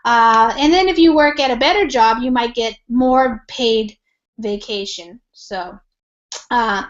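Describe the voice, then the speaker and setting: A woman's voice: fairly high pitch, slow pace. An American woman teaching an online English reading lesson, explaining words patiently with lots of fillers and examples. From United States. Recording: dull lo-fi call audio.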